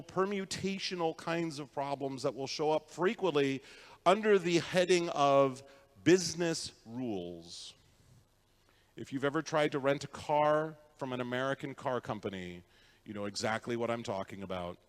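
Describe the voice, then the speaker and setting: A man's voice: fairly high pitch, moderate pace, long reverb tail. Man giving a storytelling keynote. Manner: conversational storytelling, asks the audience questions. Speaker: keynote speaker. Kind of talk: conference keynote talk. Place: conference hall.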